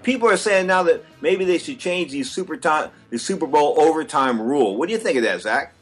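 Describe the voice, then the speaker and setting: A man's voice: a little high, expressive, fairly quick, husky, soft background music. A man hosting a sports radio show in casual chat, brash and opinionated, rambling through his points. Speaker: radio sports talk host.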